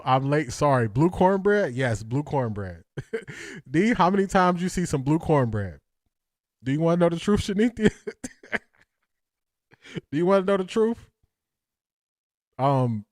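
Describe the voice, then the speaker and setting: A man's voice: fairly high pitch, lively intonation, moderate pace, long pauses, a little mellow, no room sound, studio quality. A man from Ohio, hosting a casual livestream, joking with chat, laughing often and repeating lines for effect. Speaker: sports talk livestream host reading chat.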